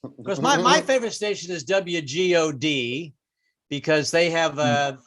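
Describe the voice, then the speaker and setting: Man, stand-up comic, high voice, stammering, repeats words, mock voices. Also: expressive, measured pace, fairly bright tone. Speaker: stand-up comedian. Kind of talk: stand-up set.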